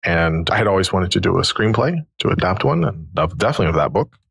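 Gravelly, husky-voiced man telling stories. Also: deep voice, quick pace, no echo. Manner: animated, acts out quoted dialogue. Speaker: podcast host and therapist. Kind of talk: conversational storytelling.

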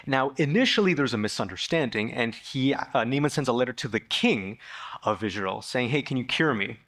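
A man preaching a sermon in a church, retelling a Bible story in a lively way and raising his voice to act out the people in it. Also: brisk. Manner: animated storytelling, acting out the figures with sudden raised pitch. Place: church sanctuary.

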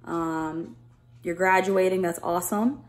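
A woman's voice: fairly low pitch, steady tone, a little slow. A woman from the school staff congratulating seniors in a short, upbeat video message.

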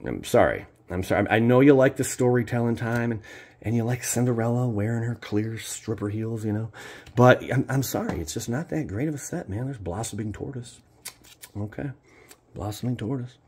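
A man hosting a card-opening video in casual commentary, swinging between loud exclamations and low muttered asides. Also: moderate pace, a little hiss or hum. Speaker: card-opening channel host.

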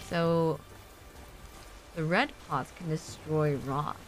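A woman's voice: lowish voice, big pitch swings, normal speed, over loud music. Chatty American woman streamer. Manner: chatty, giggly, talks to chat. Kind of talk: casual gaming commentary.

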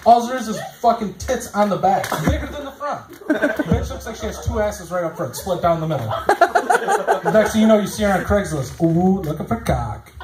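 A man's voice: sits high, very animated, normal speed. A man performing a stand-up comedy set in a small club, telling crude, profane stories and acting out quotes. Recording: echoey club with audience noise.

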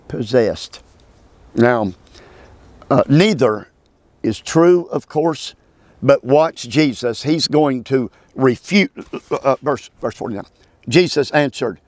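A man teaching a Bible passage verse by verse, emphatic and preacherly, with halting restarts and calls for amen. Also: mid-range voice, animated, no room sound.

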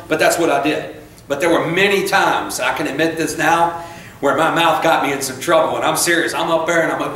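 A fairly high, somewhat bright male voice rushes through a sermon, heard from a distance in an echoing church. The pastor hammers his points repeatedly, stopping for informal asides and stories about himself.

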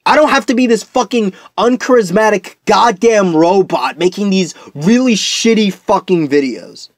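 A man's voice: high-pitched, lively intonation, moderate pace, dry recording, studio quality. A young man delivering a profane, heated off-the-cuff commentary rant, full of restarts. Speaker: commentary YouTuber.

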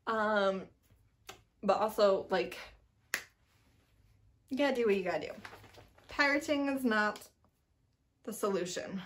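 A woman's voice: on the high side, slow pace, pauses often. A woman book vlogger in casual chat, rambling and chatty with lots of asides and emphatic bursts.

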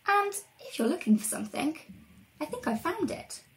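Lady voicing a super high squeaky happy little guy, bright and coaxing. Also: big pitch swings, moderate pace. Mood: cheery. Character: cheerful young male friend.

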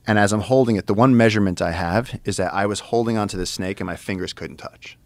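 Male podcast guest, very low gravelly voice, animated storyteller, swears freely, dry close mic. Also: fast talker, dry recording. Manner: excited, profane, lots of fillers and restarts. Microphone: studio podcast mic.

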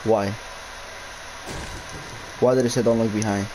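A young gaming YouTuber with a lowish voice and steady tone speaks at a measured pace, with background noise audible. He commentates a horror game in casual slang, calling viewers bro and guys, cursing constantly and shrieking when scared.

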